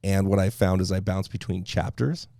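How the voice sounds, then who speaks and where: A podcast host from Idaho with a gravelly, fry-heavy voice that sits a little low. He rambles casually and leans on fillers while he talks. The sound is dry, with no room around it. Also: steady tone, moderate pace, mellow, no room sound. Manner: rambling, conversational storyteller, many fillers. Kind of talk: casual interview chat.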